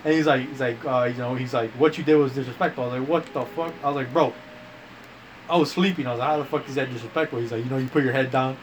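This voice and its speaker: A man's voice: medium pitch, quick pace, a little hiss or hum, poor audio. Profane man telling rambling stories. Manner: profane, rambling anecdotes with slang like bro and dude; acts out quoted lines with voice changes. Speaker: storyteller among friends. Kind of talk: casual chat.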